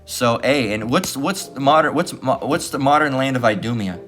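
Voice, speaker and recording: A man's voice: medium pitch, expressive, moderate pace, fairly bright tone, faint music behind. A man preaching scripture in a combative, profane tone, repeatedly asking "all right?" and "guess what". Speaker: street-style preacher.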